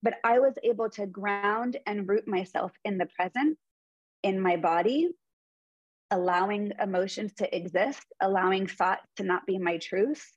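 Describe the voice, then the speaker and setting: An earnest woman in her forties tells stories in a conversational interview. Her voice is a bit husky and breathy. The sound is dry and close. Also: mid-range voice, unhurried, no room sound, lo-fi sound. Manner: earnest storytelling. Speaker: guest.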